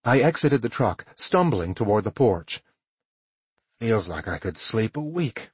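A man narrating a first-person audiobook in a measured, tired storytelling manner with a husky voice. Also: fairly low pitch, very animated, no room sound.

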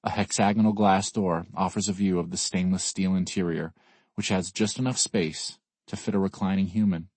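A man with a very deep, husky voice reads a first-person audiobook. His delivery is weary and brooding, and the recording is dry and close to the mic. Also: fairly even intonation, normal speed, a little mellow, no room sound. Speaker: audiobook narrator. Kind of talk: first-person scripted narration.

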